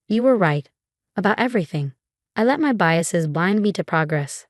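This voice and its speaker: Give me a woman doing a humbled older executive, quiet and contrite, a bit low, in a storybook reading. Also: lively intonation, moderate pace, no room sound, clean studio sound, lightly acted. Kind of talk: storybook narration.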